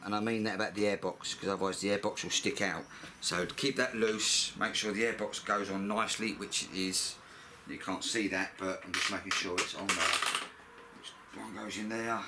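Chatty man with a bright voice. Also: lowish voice, slight background noise. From United Kingdom. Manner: chatty, blunt, swears freely. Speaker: mechanic vlogger. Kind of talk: casual repair tutorial.

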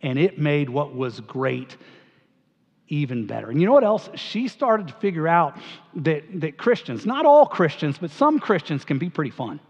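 A middle-aged man with a higher-than-usual voice delivers a eulogy as a pastor, and his tone is casual and humorous. The sound is muffled and dull, and a long reverb trails after his words in a church hall. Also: big pitch swings, normal speed. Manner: conversational, humorous storytelling. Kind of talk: memorial eulogy storytelling.

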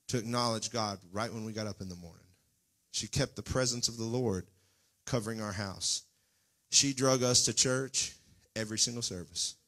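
A man's voice: medium pitch, pushed and bright. A man pastor preaching a Pentecostal sermon in a church, folksy and fervent, at times rising into near-singing cries. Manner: folksy, talks straight to the congregation. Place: church sanctuary.

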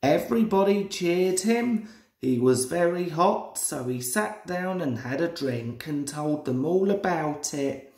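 A young man in his twenties reading a children's storybook aloud as a storyteller. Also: fairly high pitch. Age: 20s. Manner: slow, lively storybook reading. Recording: roomy echoey room.

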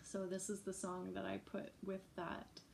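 A woman music teacher talks other teachers and parents through classroom ideas in an easy, unhurried way. Her voice is mellow and soft-edged, and she speaks slowly and gently. Her delivery is informal and chatty, like a friendly workshop. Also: mid-range voice, monotone, gravelly, a little hiss or hum. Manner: gentle, chatty, breaks into short sung examples. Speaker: early childhood music educator.

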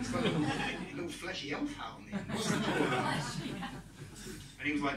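A man's voice: fairly high pitch, animated, fast, vocal fry, heavy background noise. A young British man doing a stand-up comedy set, rambling and self-mocking, acting out quoted dialogue. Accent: British English. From Britain. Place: comedy club stage. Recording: roomy club sound from a distance. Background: audience laughter.

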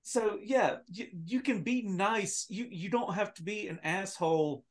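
A man with a notably high voice speaks on a podcast panel. He makes his points calmly and reasonably. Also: a little slow, slight background noise. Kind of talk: casual chat.

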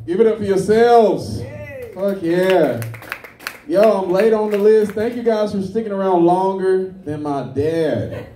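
A man's voice: high voice, mellow, roomy sound, distant mic. A man doing a brash, profane stand-up comedy set, telling stories. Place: comedy club stage.

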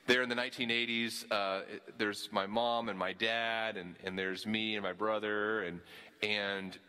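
A man's voice: lowish voice, steady tone, a little slow, bright, forceful tone, clear, resonant tone. A man from the Southern US preaching a sermon with a slight Southern accent, earnest and often repeating words as he restarts his phrases. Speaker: pastor.

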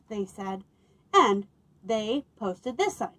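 A woman working as a children's librarian, reading picture books aloud to children with expressive delivery and playful asides. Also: medium pitch, a little slow, rough recording.

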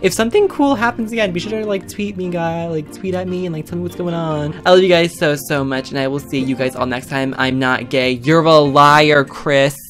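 Excitable man doing comedic game commentary. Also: sits high, fast talker, hardly any pauses, soft background music. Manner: excitable and theatrical, shrieking exclamations. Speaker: gaming YouTuber.

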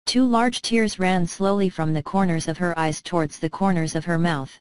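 A woman reading a classic short story aloud as narrator, calm and measured. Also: on the low side, clear, resonant tone, dry recording, low-quality recording. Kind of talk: scripted narration.

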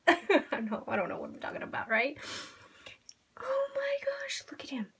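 Giddy high-voiced woman, squeals and whispers. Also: lively intonation, fast, vocal fry, slightly rough. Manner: gushing and giddy, swinging between squeals and hushed whispers. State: jittery with excitement. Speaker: vlogger opening blind boxes. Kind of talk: excited unboxing chat.

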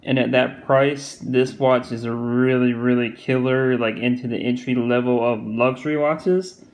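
Southern male reviewer, gravelly, flat delivery, rambling casual talk. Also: mid-range voice, a little slow, poor audio. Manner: rambling, repeats himself, many fillers. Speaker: watch reviewer.

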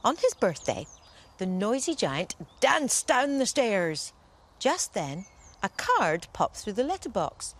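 Woman reading a bedtime story, slow and lively in pitch, gentle storyteller.

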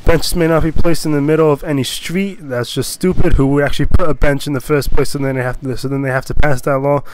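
A man's voice: on the high side, steady tone, fast talker, darkish tone, slight background noise. A young man sounding a bit sick, chatting casually and jokily as an online commentator reading out odd laws, with lots of fillers and goofy asides. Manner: rambling and jokey, with many fillers and silly voices.

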